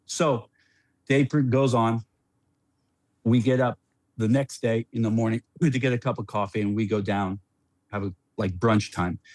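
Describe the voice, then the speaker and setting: A middle-aged man, a former player as podcast guest, telling a story in a rambling, animated way with many restarts. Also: mid-range voice, moderate pace, long pauses, dry recording.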